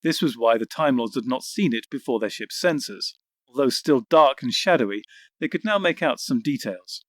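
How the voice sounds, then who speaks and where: A man reading an audiobook in measured scripted narration. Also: medium pitch, expressive, no echo, clean studio sound. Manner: measured, voices each character.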